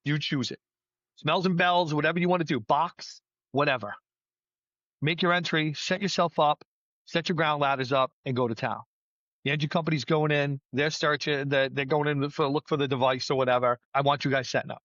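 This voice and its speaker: A middle-aged man, a battalion chief, telling firefighting stories in a casual podcast chat, plainspoken and lively. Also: on the high side, normal speed, no echo, highs cut off. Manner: storytelling, animated, plainspoken with mild swearing.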